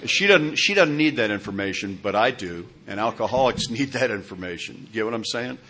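A man in his sixties, speaking at a recovery meeting, gives a personal testimony in a rather low voice. He rambles from one memory to the next and keeps checking in with his listeners. He talks briskly with a fairly bright tone, and a faint crowd can be heard.

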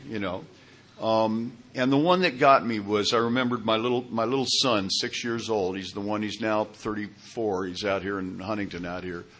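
A man in his sixties gives a personal testimony in a rather low voice. He rambles from one memory to the next and keeps checking in with his listeners as he goes. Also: a bit bright. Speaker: recovery meeting speaker.

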